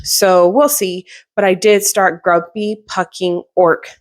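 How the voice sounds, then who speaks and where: A woman's voice: lowish voice, fairly even intonation, slow. A young adult woman chatting casually about books she has read, rambling with fillers and restarts. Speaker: book reviewer. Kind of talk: casual book review chat.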